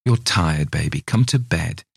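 A man voicing an anxious, loving adoptive mother in a spoken ghost story, pleading in a raised pitch. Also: lively intonation, unhurried, gravelly, husky, no room sound, studio quality, full character voice. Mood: soothing.

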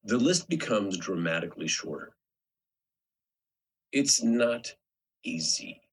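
A man who is an actor, a guest on a podcast, giving measured advice in casual talk. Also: fairly low pitch, big pitch swings, breathy edge, rough recording. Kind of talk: casual chat.

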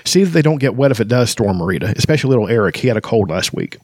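An ancient red she-dragon, worn and motherly, speaks in a husky, drowsy voice, as a man reading aloud puts her on. Her lines sit a few steps above the reader's own pitch, soft and rough at once. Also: animated, rapid-fire, no room sound, clean studio sound. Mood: sleepy fond. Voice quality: husky, sleepy.

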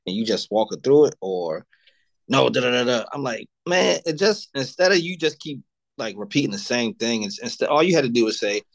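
A man's voice: medium pitch, big pitch swings, fairly quick, vocal fry. A man on a podcast, telling stories in a laid-back, profane, casual way. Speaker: podcast co-host. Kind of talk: casual chat.

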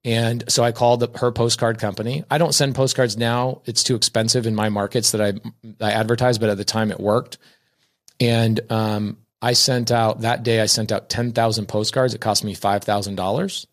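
A man's voice: on the low side, steady tone, moderate pace. Man telling a story, voices the quotes. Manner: acts out quoted people with a raised voice; self-correcting restarts. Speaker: real estate investor guest. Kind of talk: casual storytelling.

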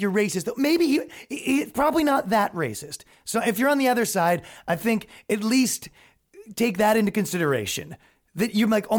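Male podcast host; loose, profane, sarcastic rant with lots of restarts. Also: sits high. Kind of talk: comedic rant.

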